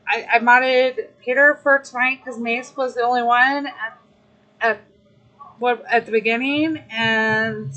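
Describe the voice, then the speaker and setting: A woman's voice: on the high side, pushed and bright, poor audio. A young adult woman livestreaming, chatting casually with her viewers, emotional and grateful. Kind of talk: casual live-stream chat.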